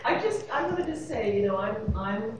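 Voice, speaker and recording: A woman's voice: a little high, animated, moderate pace, noisy background. A woman, a panelist telling a rambling, wry anecdote with laughs. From New York City. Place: convention panel room, echoey. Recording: echoey room from far off, audience murmur.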